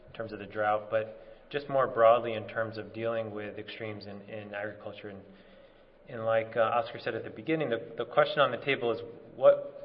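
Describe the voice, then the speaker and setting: A man from California giving an academic conference talk in a relaxed, informal way, with lots of fillers and restarts. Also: lowish voice, slight background noise. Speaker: conference speaker. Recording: dull audio with long hall reverb.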